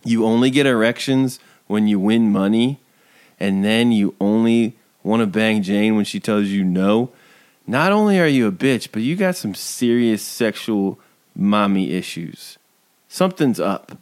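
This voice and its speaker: A man's voice: lowish voice, animated, measured pace, a little mellow. A man co-hosting a casual chat show, mocking someone in a profane, laughing tirade. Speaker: podcast co-host.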